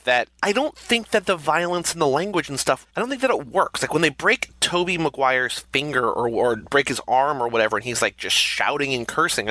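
A man's voice: medium pitch, no room sound. A man co-hosting a film podcast, talking casually and correcting himself as he goes. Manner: animated, self-correcting. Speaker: podcast co-host.

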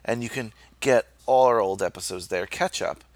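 A man's voice: fairly low pitch, normal speed, dry recording. A man co-hosting a podcast, wrapping up the episode in a loose, friendly chat. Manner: loose, friendly sign-off with fillers. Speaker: podcast co-host. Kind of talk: casual podcast outro chat.

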